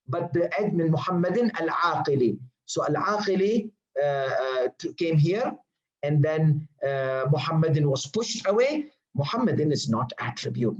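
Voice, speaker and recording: Guru pria beraksen Asia Selatan, suara agak tinggi. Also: male voice, a little high, highs cut off. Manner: drills students with questions and answers himself; repeats terms patiently, many fillers. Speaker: Arabic grammar teacher. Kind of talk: classroom lecture.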